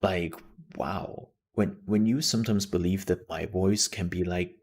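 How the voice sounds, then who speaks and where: A man's voice: deep voice, unhurried, a little mellow, husky. A man hosting a live stream, chatting casually and rambling, with many fillers and restarts. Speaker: streamer and news show host.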